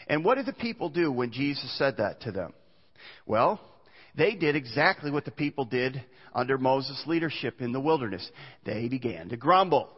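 A man's voice: medium pitch, sing-song, normal speed, slightly rough. A man preaching a sermon as pastor, earnest, reading scripture aloud with small restarts. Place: church sanctuary. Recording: muffled church recording with long reverb.

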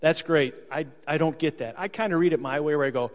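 A male preacher delivers a casual, storytelling sermon with a conversational, jokey manner. His voice sits a bit high. He is recorded in a church hall with a long reverb tail. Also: fast talker, few pauses. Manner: conversational, jokey, acts out scenes.

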